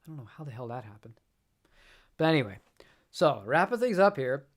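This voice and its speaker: A man's voice: on the high side, very animated, a little fast. A man hosting a guitar channel, chatting casually on a live stream, rambling and repeating words and laughing often.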